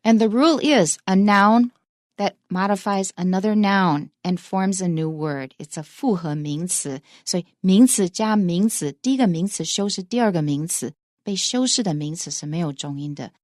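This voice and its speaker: A woman's voice: fairly low pitch, moderate pace, dry recording, clean studio sound. A woman co-hosting an English lesson, explaining word stress and mixing English with Mandarin. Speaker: co-host English teacher. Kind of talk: bilingual radio English lesson.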